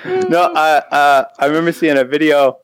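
A man's voice: on the high side, huge pitch swings, moderate pace. A man guesting on a podcast, explaining band matters hesitantly with many fillers. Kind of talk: casual podcast conversation.

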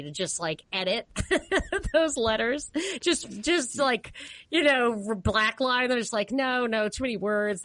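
A woman's voice: on the high side, fairly bright tone, no echo. A woman from New York with a New York accent, chatting casually on a podcast, rambling and laughing often. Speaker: podcast co-host. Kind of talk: casual political chat.

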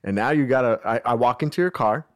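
A man's voice: mid-range voice, fast talker, dry recording, clean studio sound. A young man, a podcast co-host who lays out comedy scenarios at length in casual chat. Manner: explains scenarios at length, lots of like. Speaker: podcast co-host setting up challenges.

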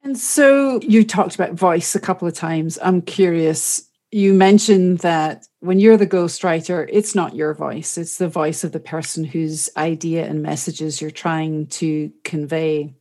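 A woman's voice: sits low, a little slow, few pauses, mellow. A woman hosting a podcast, asking curious, probing questions of her guest. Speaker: podcast host. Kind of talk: podcast interview.

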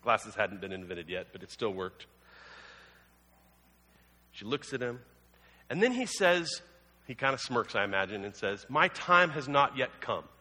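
A man's voice: fairly low pitch, sing-song, measured pace, long pauses, pushed and bright. A man preaching a sermon as a pastor, telling the story conversationally with humorous asides. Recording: long hall reverb.

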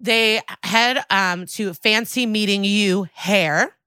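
A woman co-hosting a podcast, casually recapping a TV episode and quoting characters in lively bursts. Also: mid-range voice, takes it slowly, clear, resonant tone, no echo, clean studio sound. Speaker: podcast co-host.

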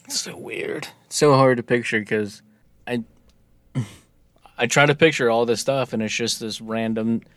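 Mid-pitched joking co-host, casual banter, dry mic. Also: male voice, unhurried, long pauses, dry recording. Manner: reads promo text flatly, then joking banter. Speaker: podcast co-host. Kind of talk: casual chat.

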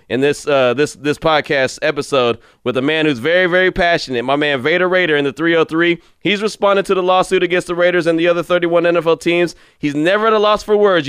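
A man's voice: fairly high pitch, fairly bright tone, clear, resonant tone, no echo, clean studio sound. A man hosting a fan podcast, talking casually and frankly about callers' ideas. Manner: chatty, frank and joking. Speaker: podcast host.

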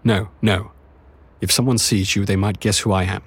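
A man voicing a calm, wise exiled queen, speaking slowly and gently. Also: lowish voice, husky. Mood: calm regal. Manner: slow, measured, gentle delivery.

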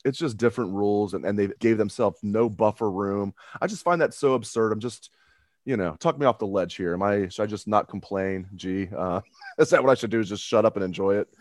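A man's voice: lowish voice, brisk, a little mellow, no room sound, clean studio sound. A man hosting a casual sports podcast, joking and complaining with mock exasperation. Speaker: podcast host.

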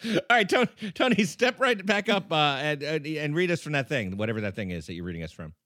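A man's voice: a little high, lively intonation, pushed and bright, no room sound, studio quality. A man co-hosting a comedy podcast, playful and teasing in casual banter. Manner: playful, teasing, dramatic pauses. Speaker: podcast co-host.

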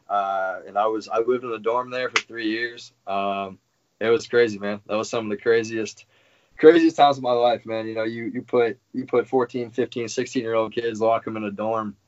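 A young man from Massachusetts, a pro baseball player, answering interview questions in a relaxed, casual way with some swearing. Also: medium pitch, highs cut off. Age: young adult. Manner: laid-back, swears freely, says "man" a lot.

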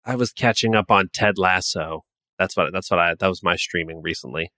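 A man's voice: deep voice, brisk, sharp tone, no room sound, studio quality. A man guesting on a podcast, gushing with praise and murmuring agreement. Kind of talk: casual podcast chat.

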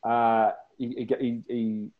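A man co-hosting a podcast, talking in a thoughtful way with many pauses and fillers. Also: mid-range voice, flat delivery, phone-quality sound. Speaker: podcast co-host. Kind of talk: casual panel chat.

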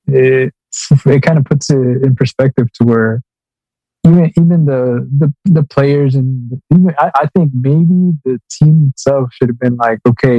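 A man's voice: mid-range voice, dark tone, no echo, dull audio. A man co-hosting a sports podcast, blunt and casually swearing in loose chat. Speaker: podcast co-host.

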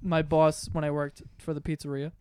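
A young man hosting a casual podcast with his siblings, telling crude, animated stories and laughing as he goes. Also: a little high, moderate pace, smooth. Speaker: podcast host. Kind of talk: casual storytelling among siblings.

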